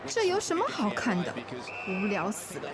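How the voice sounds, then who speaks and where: A woman's voice: mid-range voice, huge pitch swings, normal speed. A woman playing a bored, scornful wife in a scripted lesson dialogue. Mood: huffy. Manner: huffy, scornful. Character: bored annoyed wife who walks off. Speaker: dialogue actor. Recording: crowd noise from TV match behind. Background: loud match crowd.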